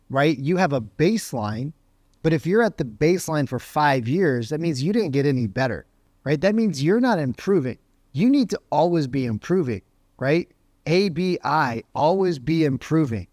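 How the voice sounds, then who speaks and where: An energetic man teaches real estate sales on camera in a fairly high, lively voice. He talks conversationally and keeps asking "right?" to pull the listener along. The sound is close and dry. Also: no echo.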